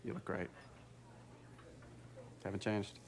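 An actor playing a joking boss who becomes earnest about deadlines. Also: male voice, fairly low pitch, level tone, takes it slowly, a little hiss or hum. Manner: jokey, teasing, then earnest. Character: man, joking boss and publisher. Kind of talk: film acting.

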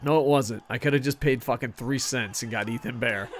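A man giving casual, excitable commentary on a hockey video game stream, swearing often and poking fun at himself. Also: medium pitch, fairly quick. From United States. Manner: excitable, profane, self-mocking.

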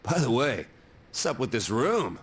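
An actor voicing a blunt, tough teenage boy in a video game, with a gruff manner. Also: medium pitch, big pitch swings, measured pace. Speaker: game character. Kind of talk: English game dub.

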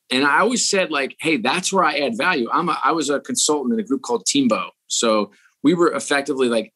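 A middle-aged man in a podcast interview, telling a story casually and animatedly. He acts out the people in his story, switching between their voices in a mid-pitched, everyday tone. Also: breathy edge. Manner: animated, acts out quoted dialogue. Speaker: sports executive, podcast guest.

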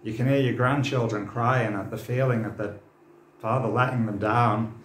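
Brief: male preacher, impassioned and dramatic, mid-pitched, roomy church hall sound. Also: fairly even intonation, moderate pace. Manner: impassioned, dramatic, rhetorical questions. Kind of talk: sermon.

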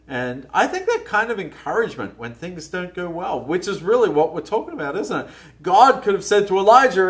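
A man's voice: high-pitched, big pitch swings, fairly quick, a bit bright. A man preaching a sermon in a conversational, musing way, often restarting his phrases. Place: church.

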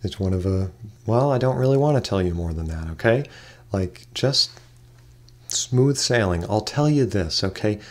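A man voicing a laid-back, secretive woman ukulele player who breezily dodges questions and calls people honey, in a lowish voice. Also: animated, moderate pace. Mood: breezy.

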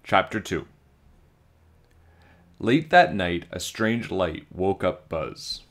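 Slow, deep-voiced man reading a storybook. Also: expressive, fairly bright tone. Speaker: children's book reader. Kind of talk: children's storybook read-aloud.

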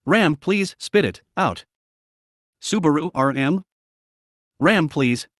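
Man voicing a young maid girl, proud, trembling, pleading, raised pitch, dry close sound. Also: expressive, takes it slowly, fairly bright tone, no room sound.

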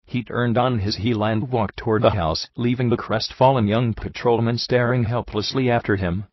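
A man reading an audiobook with steady, measured narration, on a dull, dry recording. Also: medium pitch, husky, no echo. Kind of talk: scripted narration.

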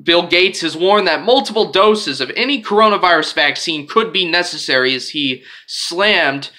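A man reading news articles aloud and breaking off into lower, quieter asides with his own opinions, with frequent fillers. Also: animated, normal speed. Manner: reads headlines with rising emphasis, drops to low asides for opinions. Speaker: news commentary host.

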